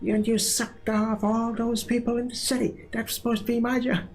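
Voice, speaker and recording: A man putting on a high-pitched hillbilly voice for a vengeful young male anime hero, drawling and mock-heroic. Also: little pitch movement, moderate pace, soft background music. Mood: mock outrage.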